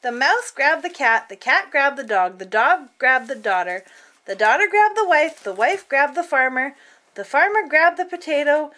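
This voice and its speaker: Woman, picture book read-aloud, sing-song swooping delivery, bright tone. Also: high-pitched, normal speed. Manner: expressive, playful storytelling. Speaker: children's book reader.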